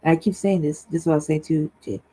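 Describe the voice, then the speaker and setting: A woman's voice: deep voice, fairly even intonation, racing, warm tone, husky, poor audio. A woman talking bluntly and profanely on a livestream talk show over a remote call, often checking in with "right?". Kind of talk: casual heated talk. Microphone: remote streaming call.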